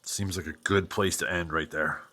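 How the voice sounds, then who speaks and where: A man's voice: sits low, steady tone, moderate pace, pushed and bright. A man from New Hampshire giving casual running commentary while working on an old vehicle, rambling into joking, self-deprecating asides.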